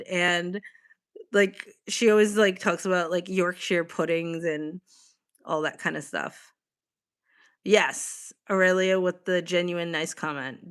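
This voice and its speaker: Chatty girl livestreaming, reads chat out loud, laughs, swears here and there. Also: fairly low pitch. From Boston, USA. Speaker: livestream host. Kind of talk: casual livestream chat with viewers.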